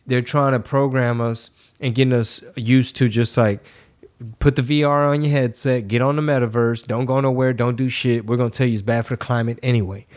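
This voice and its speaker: A man's voice: mid-range voice, a little mellow. Profane, rambling man hosting a podcast. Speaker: podcast host. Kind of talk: casual podcast chat.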